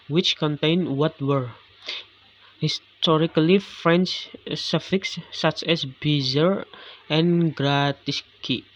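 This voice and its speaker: A man's voice: a little high, fairly bright tone. A man reading a lesson on English word stress aloud, with frequent restarts on words. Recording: dull lo-fi recording.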